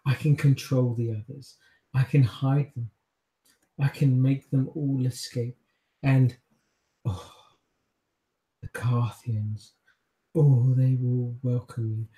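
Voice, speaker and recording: A man's voice: fairly high pitch, slow, vocal fry, pauses often, warm tone, reverberant, poor audio. A man voicing a young male vampire prisoner who pleads, wheedles and stammers for his release. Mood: pleading.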